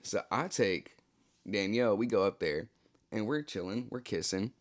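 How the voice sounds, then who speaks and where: A young man with a fairly low voice tells a story from his own life in a relaxed, slangy storytime style. He talks loosely and keeps dropping "like" and "you know" as he goes. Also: normal speed. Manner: laid-back, slangy, full of "like, you know" fillers. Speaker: channel host telling a story. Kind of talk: casual storytime narration.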